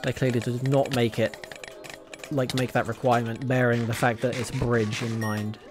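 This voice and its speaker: A British man streaming a game live, rambling along in a middle-pitched voice with a sarcastic edge. He breaks into sudden excited outbursts now and then, with faint music and keyboard clicks in the background. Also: normal speed. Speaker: gaming streamer. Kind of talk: casual live gameplay commentary.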